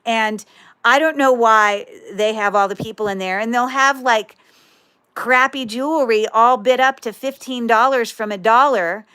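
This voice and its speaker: A woman's voice: a little high, pushed and bright, smooth. Chatty woman hosting a jewelry livestream. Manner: chatty, rambling, self-interrupting, tells corny puns. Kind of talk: casual livestream chat.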